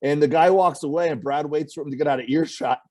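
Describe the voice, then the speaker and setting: Comedian guy spinning stories on a podcast, slightly high voice, acts out everyone. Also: fast. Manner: animated storyteller, acts out quoted voices. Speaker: comedian guest. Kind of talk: casual storytelling.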